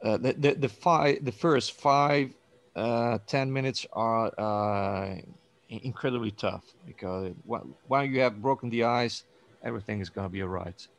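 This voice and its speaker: Halting man. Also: mid-range voice. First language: Italian. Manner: halting, repeats words, laughs easily. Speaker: musician. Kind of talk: casual chat.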